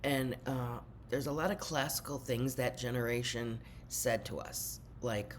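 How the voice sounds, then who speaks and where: A woman's voice: very deep voice, steady tone, measured pace, few pauses, a little hiss or hum. An older woman giving an earnest spiritual talk and speaking directly to her viewers as a teacher.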